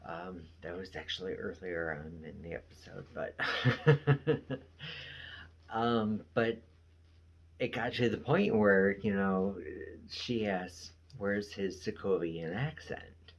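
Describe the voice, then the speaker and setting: A man with a low, deep voice recapping a TV episode in a loose, casual way. He talks slowly and unhurriedly, rambling along with fillers and trailing asides. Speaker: show reviewer.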